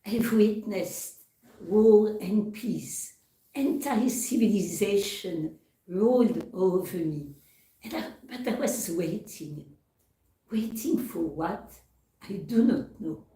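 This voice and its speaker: A woman's voice: mid-range voice, lively intonation, slow, mellow. A woman voicing an old clay teacup that recalls its hard past, in earnest first-person storytelling. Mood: reflective. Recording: roomy hall, far from mic.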